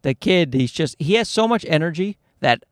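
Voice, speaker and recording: A man's voice: on the high side, lively intonation, moderate pace, dry recording, studio quality. A man in his thirties hosting a podcast, rambling profanely and doing jokey voices for the people he quotes. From Canada. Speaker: podcast host. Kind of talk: casual comedic monologue. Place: small car-based home studio with air conditioning.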